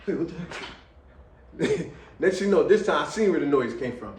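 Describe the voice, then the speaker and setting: A middle-aged man telling a personal story to viewers, lively and full of slang, swinging between loud exclamations and quiet asides and laughing often. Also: fairly high pitch, brisk. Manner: casual American slang, addresses viewers as y'all. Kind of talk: animated storytelling monologue. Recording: roomy, a little distant from the mic.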